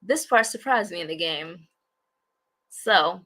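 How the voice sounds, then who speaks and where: A woman's voice: fairly low pitch, animated, unhurried, sharp tone. A woman hosting a casual livestream, rambling and repeating herself as she talks to viewers. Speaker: livestream host.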